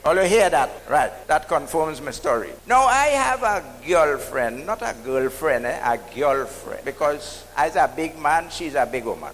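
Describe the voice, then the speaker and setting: A Trinidadian man spins a comic yarn on stage, tossing teasing asides to the crowd. His voice sits high for a man. It rings through a long, reverberant hall with a faint hum of ambience behind it. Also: expressive, normal speed, hardly any pauses, fairly bright tone. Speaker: comedian. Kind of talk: stand-up storytelling.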